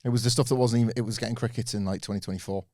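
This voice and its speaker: A man's voice: fairly low pitch, fairly even intonation, very fast, a little mellow, dry recording, studio quality. A man co-hosting a wrestling podcast, talking in an enthusiastic, rambling way with asides. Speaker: podcast co-host. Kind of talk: casual opinionated chat.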